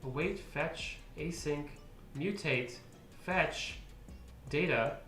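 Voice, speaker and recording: A man's voice: fairly high pitch, very slow, fairly bright tone, faint music behind. A man streaming live as he codes, thinking aloud and muttering to himself, with sudden exasperated outbursts. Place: room at a computer, keyboard clicks. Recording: echoey room, faint noise.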